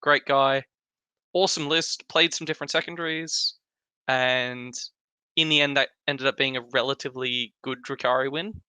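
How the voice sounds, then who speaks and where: A man, a podcast guest who tells stories in a relaxed way and quotes back and forth what people said. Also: mid-range voice, normal speed, smooth, no room sound. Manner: relaxed storytelling with quoted exchanges. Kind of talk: casual podcast chat.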